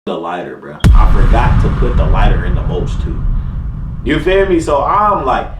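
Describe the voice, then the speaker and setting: A man's voice: medium pitch, very animated, normal speed. A young man telling a casual story in slangy, laid-back speech, with frequent check-ins with his listener. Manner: laid-back slangy talk, keeps saying "you know what I'm saying". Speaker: vlogger. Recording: roomy sound, far from mic, music behind.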